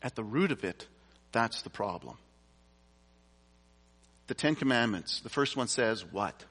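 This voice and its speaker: A man's voice: on the low side, lively intonation, a little slow, fairly bright tone. A man preaching a sermon, reading scripture aloud and explaining it in a conversational way with casual asides. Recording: long reverb from a large hall.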